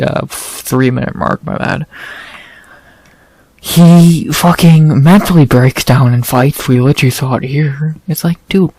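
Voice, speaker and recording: A man's voice: fairly high pitch, no room sound. Profane, exasperated man ranting on a dry mic. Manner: profane, exasperated, rising into loud frustrated rants. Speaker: podcast host recapping fights. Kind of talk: casual ranting recap.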